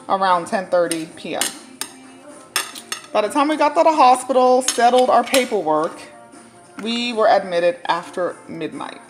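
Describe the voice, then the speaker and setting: A woman telling a personal story while she cooks, casual, animated and often laughing. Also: medium pitch. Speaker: dietitian sharing a personal story. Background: cooking clatter, faint music.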